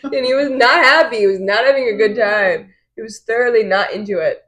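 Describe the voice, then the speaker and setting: A woman's voice: a little high, fairly quick, a bit bright, rough recording. A woman co-hosting a book podcast, chatting casually, laughing often and swearing freely. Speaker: podcast co-host.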